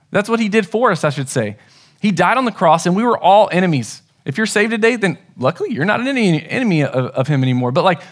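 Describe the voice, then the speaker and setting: A man in his thirties delivers a sermon as a pastor. His voice sits somewhat high, and he speaks in an earnest, conversational way, with small restarts as he tells stories about his family.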